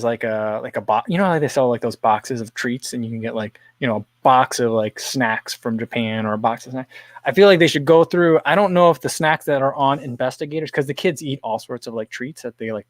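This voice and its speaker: A man's voice: medium pitch, dry recording. A man hosting a casual livestream, rambling, chuckling often and reading viewer comments aloud. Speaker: livestream host.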